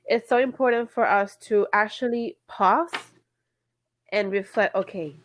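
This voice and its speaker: A woman's voice: mid-range voice, a little slow, no echo. A woman co-hosting a podcast in casual chat, blunt and emphatic, swearing casually. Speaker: podcast co-host.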